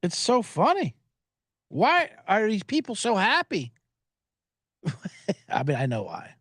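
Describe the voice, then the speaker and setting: Sarcastic, high-voiced man hosting a podcast. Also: wildly swooping pitch, slow pace, fairly bright tone, dry recording, studio quality. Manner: sarcastic, riffing, reads viewer comments aloud. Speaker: sports betting podcast host. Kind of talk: casual profane commentary.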